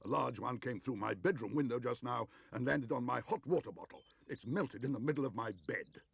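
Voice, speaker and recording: A man voicing a fussy, bad-tempered older male neighbour who blusters and shouts in a storybook reading. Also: mid-range voice, a little fast, gravelly, husky, dry recording. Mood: blustering.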